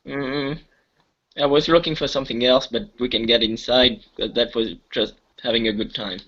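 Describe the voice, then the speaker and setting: A man's voice: mid-range voice, steady tone, normal speed, a bit bright, lightly acted. A man voicing a polite, nervous male guest at a dinner. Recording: dull lo-fi audio.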